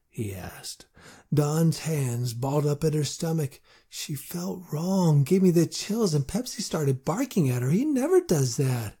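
A man's voice: medium pitch, animated, measured pace, dark tone, husky. Man narrating a fantasy audiobook.

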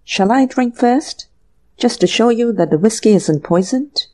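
A woman reading an audiobook, voicing a breezy young gentleman writer who talks casually and nonchalantly. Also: a little high, animated, unhurried, voice pushed up.

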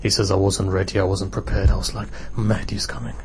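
Man preaching a sermon in a low voice. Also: little pitch movement, fast talker, a little mellow, slight background noise, poor audio. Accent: British. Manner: storytelling, rising to impassioned exhortation. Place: mosque hall.

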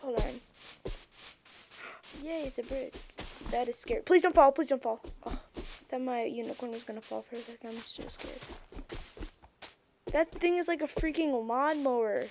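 High-pitched, excitable young woman gamer. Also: background noise. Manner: excitable, easily flustered, exclaiming at the game. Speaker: gameplay streamer. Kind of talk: casual gameplay commentary.

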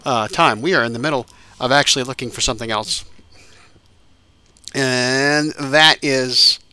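A man's voice: mid-range voice, measured pace, bright, forceful tone, clean tone, dry recording. A man giving casual let's-play commentary, rambling and thinking aloud with lots of fillers. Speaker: gaming YouTuber.

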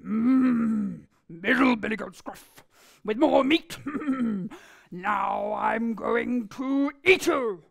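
A woman's voice: creaky, full character voice. A woman voicing a hungry, menacing troll who guards a bridge, drawing out its threats with gloating relish. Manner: slow, gloating, booming threats.

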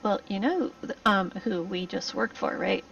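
A woman playing her character at a tabletop game, chatty and animated. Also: medium pitch, moderate pace, creaky. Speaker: player. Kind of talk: in-character tabletop role-play. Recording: dull, distant mic with background music.

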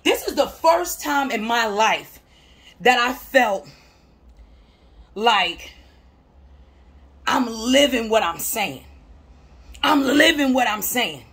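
A woman with a high, raspy-edged voice gives a motivational talk to camera about her recovery. She repeats her phrases in a preacher-like rhythm and breaks into laughter and shouts. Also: big pitch swings, takes it slowly, pauses often. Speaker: vlogger sharing her recovery.

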